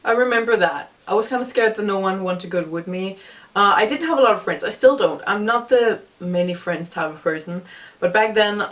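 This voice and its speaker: A woman in her twenties chats loosely with a noticeable accent, trailing off into ums and poking fun at herself. Her pitch sits in a middle range for a woman. The voice sounds a step away from the microphone. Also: fairly quick, recorded from a distance. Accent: noticeable non-native accent. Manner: rambling, self-deprecating, frequent ums. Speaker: vlogger. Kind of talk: casual reaction vlog commentary.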